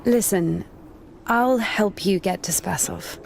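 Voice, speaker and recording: A woman voicing a young nun in a video game, speaking plainly and quietly. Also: medium pitch, takes it slowly, creaky, a little hiss or hum. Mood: earnest. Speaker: game character.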